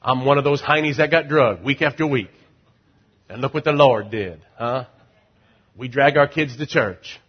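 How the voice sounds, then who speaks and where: A middle-aged man preaching as pastor, urging the crowd to repeat lines and swinging from loud rising calls to low, confiding asides. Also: normal speed, slightly rough, muffled recording. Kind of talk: sermon.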